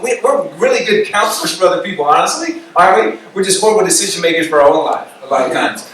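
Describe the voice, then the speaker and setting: A young man giving a casual campus sermon, animated storytelling that acts out the people he quotes. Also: high-pitched, fast. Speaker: campus ministry speaker. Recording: echoey room recording from far off.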